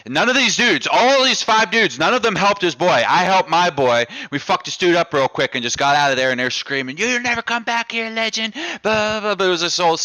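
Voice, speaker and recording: A man's voice: medium pitch, pushed and bright, clean tone, no echo. A man hosting a live stream, telling a bar story in loose, profane, casual chat. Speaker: streamer host.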